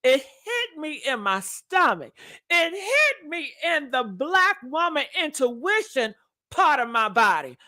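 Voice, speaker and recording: A woman's voice: sits high, big pitch swings, takes it slowly, pushed and bright. A woman giving dramatic gossip commentary, preachy and emphatic, repeating her lines for effect. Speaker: commentary vlogger.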